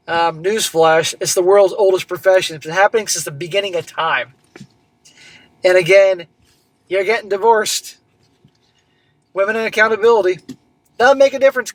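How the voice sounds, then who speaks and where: A man's voice: high voice, fairly bright tone, no room sound, rough recording. A man hosting an advice show, reading a viewer's letter aloud and breaking in with blunt, sarcastic asides. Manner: blunt, sarcastic asides between read passages. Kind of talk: reading a story aloud with commentary.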